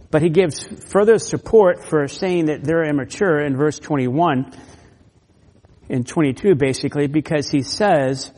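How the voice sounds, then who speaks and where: A man preaching an expository sermon, explaining scripture verse by verse and pressing hard on key points. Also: medium pitch. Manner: emphatic, rising loud on key points, repeats words. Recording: long hall reverb.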